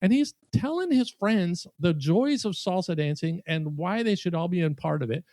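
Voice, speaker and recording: A man's voice: high-pitched, moderate pace, no echo. A man hosting a podcast, telling a funny story in casual chat. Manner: storytelling, animated and joking. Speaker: podcast host.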